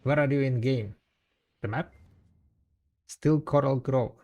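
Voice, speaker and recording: A man's voice: medium pitch, slow, darkish tone. Chatty streamer guy. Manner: chatty, answers viewers' chat between play. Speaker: live streamer. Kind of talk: casual live-stream chat while gaming.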